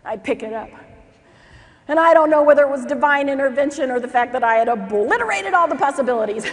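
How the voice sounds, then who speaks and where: A woman keynote speaker telling a humorous story in an animated way, acting out the people in it. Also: high voice, fast talker. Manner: animated, acts out characters, laughs through lines. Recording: echoey hall with faint noise.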